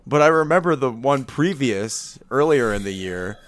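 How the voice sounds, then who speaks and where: A man's voice: medium pitch, animated, normal speed, a crowd in the background. A man co-hosting a podcast, telling a story in casual, rambling chat full of swearing. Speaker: podcast co-host.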